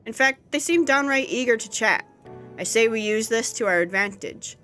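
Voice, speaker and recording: A woman voicing a wry, practical male rogue with a brisk manner. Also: fairly high pitch, lively intonation, bright, forceful tone, soft background music.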